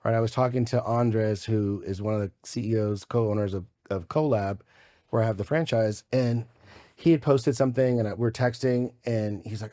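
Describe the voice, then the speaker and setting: A man hosting a podcast, telling stories in an animated, casual way and swearing freely. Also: medium pitch, moderate pace. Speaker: podcast host.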